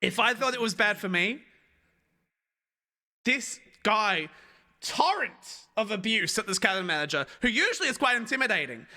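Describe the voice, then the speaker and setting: A young man doing stand-up on a live stream, with a high, very bright and forceful voice. He tells his story with lots of energy and keeps breaking off to talk to his chat. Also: normal speed. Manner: animated anecdote with asides to chat.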